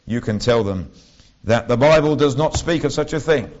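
A man's voice: medium pitch, animated, moderate pace, darkish tone. Man preaching, wry and conversational. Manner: conversational, wry asides, frequent restarts. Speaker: lay preacher. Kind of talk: sermon. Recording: dull lo-fi recording.

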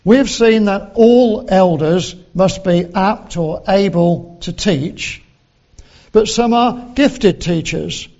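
A man preaching a sermon, slow and deliberate, quoting scripture in old English. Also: high voice, creaky, darkish tone, dull audio.

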